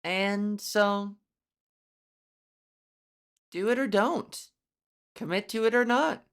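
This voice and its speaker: A woman comedian hosting a solo podcast, talking in a blunt, profane, riffing way. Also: medium pitch. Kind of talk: casual solo podcast monologue.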